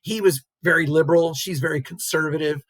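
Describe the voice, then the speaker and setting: Chatty male teacher, slightly husky. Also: a little high, steady tone, fairly quick, fairly bright tone, no echo. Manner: conversational, keeps adding "right?" checks; chuckles while explaining. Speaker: geography teacher. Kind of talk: recorded classroom lecture over slides.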